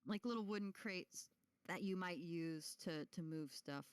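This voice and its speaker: A woman running a tabletop game as game master, narrating haltingly with many fillers and giggles. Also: fairly low pitch, smooth, no room sound. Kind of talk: casual tabletop role-play narration.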